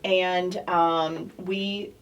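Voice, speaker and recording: A woman in her forties, co-hosting a casual chat and telling a lively personal story. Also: on the low side, drawn-out words, far from the mic, slight background noise, poor audio. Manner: chatty storyteller, animated with laughter. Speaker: co-host. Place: office studio, indoors.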